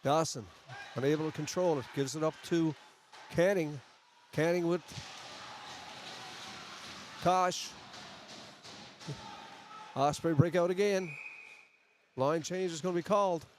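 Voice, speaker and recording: A commentator with a high-side voice calls a local hockey game from a community arena, slow-paced with long pauses. He's chatty and folksy, with asides between plays, and there's a little hiss or hum.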